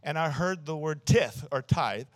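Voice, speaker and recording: A man around sixty preaches in an emphatic, storytelling way, laughing at his own punchlines. His voice sits a little high for a man. The sound is dry and close, with almost no room echo. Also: expressive, measured pace. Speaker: pastor. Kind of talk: sermon. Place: church.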